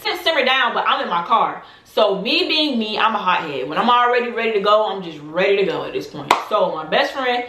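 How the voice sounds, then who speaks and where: A woman in her twenties telling a storytime tale to her vlog audience, animated and emphatic, full of slang. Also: mid-range voice, fairly quick, hardly any pauses, echoey room. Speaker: vlogger.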